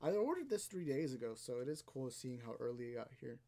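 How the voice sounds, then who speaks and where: A man's voice: mid-range voice, sing-song, quick pace, dark tone. A young man casually chatting on a livestream, rambling and reading viewer comments aloud. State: out of breath. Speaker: livestream host.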